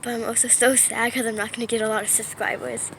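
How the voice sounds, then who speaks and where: A woman's voice: a little high, little pitch movement, fast talker, gravelly, a bit bright, a little hiss or hum. Chatty young woman vlogging a storm. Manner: chatty, apologetic, often dropping to a whisper. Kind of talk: casual vlog narration. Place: indoors by a window during a storm. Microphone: phone or tablet camera.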